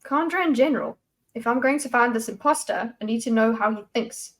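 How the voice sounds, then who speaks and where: A woman's voice: on the high side, brisk. A woman reading the lines of a determined young woman investigator, in a probing, insistent way.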